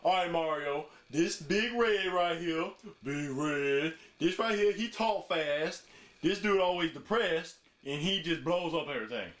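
A man's voice: fairly high pitch, expressive, unhurried, fairly bright tone. A man voicing a carefree, slangy male dinosaur in a puppet comedy skit, drawling and laid-back. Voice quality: drawling, says "folks" a lot.

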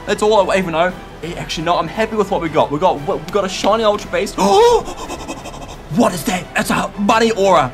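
A man commenting on his own gameplay in a frantic, excitable way, often shouting and squealing. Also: sits high, fairly quick. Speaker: gaming YouTuber. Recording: light background music.

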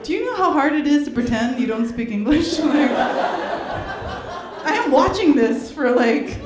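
A woman performing a stand-up comedy set, animated and playful, slipping into character voices. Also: high voice, normal speed, heavy background noise. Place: comedy club stage with audience. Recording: roomy club with crowd laughter. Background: audience laughter.

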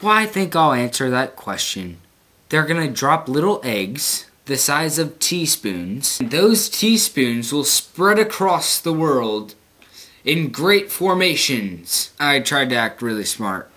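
A teenage guy in his late teens talks straight into his camera in a mock-serious, rambling way, as if announcing doom. His voice sits at an ordinary middle pitch for a young man. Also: big pitch swings, slow, a bit bright. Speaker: vlogger. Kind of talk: comedic vlog monologue.

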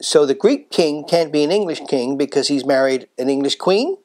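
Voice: medium pitch, expressive, normal speed, darkish tone, lightly acted. Performer playing a clueless American anchorwoman. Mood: chirpy. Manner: chirpy and clueless. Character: naive American woman news anchor. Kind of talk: satirical sketch comedy.

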